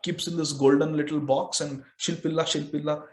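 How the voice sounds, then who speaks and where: A man's voice: a little high, flat delivery, a little fast, echoey room, pitched below the performer's own voice, lightly acted. A man with an Indian English accent voicing a proud, spoiled young prince who sounds indignant and exasperated.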